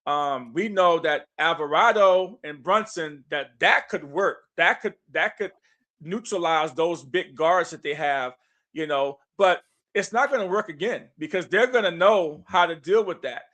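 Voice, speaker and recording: A man with a high, bright voice co-hosts a casual basketball podcast. He talks in punchy, emphatic bursts and hypes the game up. His tone has a forceful edge. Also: measured pace. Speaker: podcast co-host. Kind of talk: casual sports talk.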